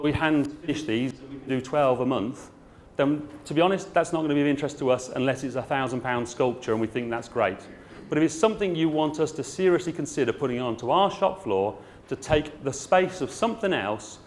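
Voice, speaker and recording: A man's voice: medium pitch, a little hiss or hum. Frank, jokey man giving a talk. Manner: frank, chatty and jokey, with dry asides. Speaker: garden centre owner speaking at a trade show. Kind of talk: trade show talk to an audience.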